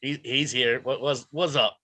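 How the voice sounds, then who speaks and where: Bright-voiced man co-hosting. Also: mid-range voice, fairly even intonation. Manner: brief agreeing interjections, quick quips. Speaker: comedy show co-host. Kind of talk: casual comedic chat.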